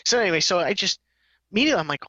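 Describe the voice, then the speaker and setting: A man's voice: high voice, lively intonation, rapid-fire, bright, forceful tone, dry recording, muffled recording. A man co-hosting a podcast, rambling through a story in casual chat, acting out quotes and laughing often. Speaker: podcast co-host.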